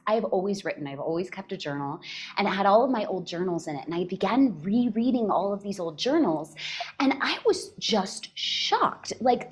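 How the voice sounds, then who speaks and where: A woman telling her personal story as a podcast guest, expressive and often laughing as she talks. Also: mid-range voice, breathy edge.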